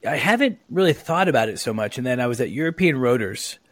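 A man's voice: medium pitch, animated, fast, no echo. Chatty podcast host man, dry sound. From Oregon, USA. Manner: chatty, rambling with many fillers. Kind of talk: casual podcast chat. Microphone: own mic on a remote call.

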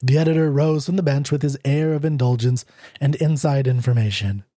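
Male audiobook narrator, measured and mellow, dry close sound. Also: medium pitch, fairly even intonation, dry recording. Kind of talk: scripted narration of a classic short story.

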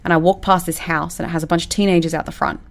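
A woman, a business coach giving casual advice, direct and animated, acting out the lines she quotes. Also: lowish voice, rapid-fire, creaky. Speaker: business coach and recruitment firm owner.

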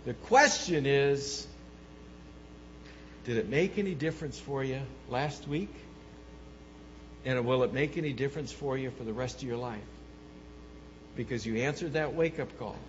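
A male pastor preaching a sermon to his congregation, emphatic, swinging between loud bursts and low earnest passages. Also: a little slow, long pauses. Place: church sanctuary. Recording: reverberant hall, muffled lo-fi sound with faint hum.

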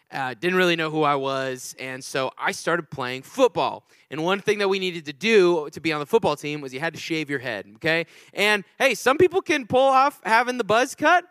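A young adult man preaching a sermon, telling a funny personal story in a chatty, animated way and checking in with the congregation. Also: high voice, clean tone, dry recording. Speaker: pastor.

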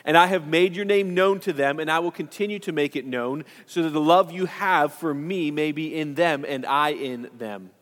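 A man's voice: fairly high pitch, moderate pace, hardly any pauses, fairly bright tone, long reverb tail. A man preaching a sermon as pastor, in a conversational style that retells Bible stories with acted dialogue.

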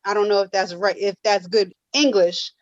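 A woman's voice: medium pitch, fairly even intonation, moderate pace, no room sound. A woman co-hosting a podcast, chiming in supportively in casual chat. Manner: supportive, affirming interjections. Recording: dry, dull lo-fi sound.

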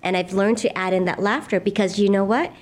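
A middle-aged woman guest, a laughter yoga leader, speaking in an earnest, gentle, reflective way in a conversational interview. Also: mid-range voice, fairly even intonation, a little fast. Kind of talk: conversational interview, guided exercise.

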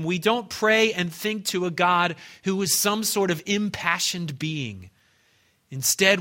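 A male pastor preaches with a bright, forward tone sitting slightly high for a man. He tells stories earnestly, often restarting phrases, and drops quiet on his key lines. He speaks to his congregation in a church. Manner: earnest storytelling with frequent restarts, dropping soft on key lines. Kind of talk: sermon.

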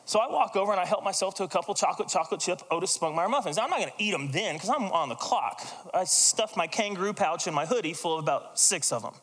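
Lively high-voiced male preacher. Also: fast, hardly any pauses, long reverb tail. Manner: animated, conversational, acts out quoted voices. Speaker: pastor. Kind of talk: sermon with personal storytelling.

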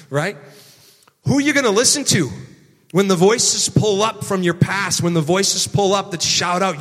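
A man in his forties preaching a sermon earnestly, moving from loud emphasis to hushed, quiet lines. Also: a little high, animated, moderate pace, long reverb tail. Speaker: pastor.

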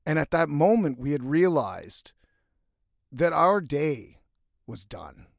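A man telling a story casually, animated and swearing freely. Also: a little high, vocal fry, no echo, clean studio sound. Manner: animated, profane, conversational.

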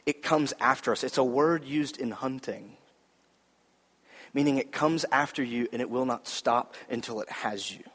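A man preaches in a sermon to a young audience, earnest and conversational, leaning on repeated phrases. His voice sits at an ordinary middle pitch. A long reverb trails each line, as if he is speaking in a large hall. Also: moderate pace, a bit bright. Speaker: pastor.

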